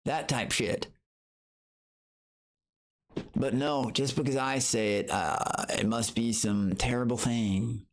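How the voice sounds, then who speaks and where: A man's voice: medium pitch, steady tone, takes it slowly, pauses often. A man chatting casually on his livestream, boasting and taunting his critics while greeting viewers in chat.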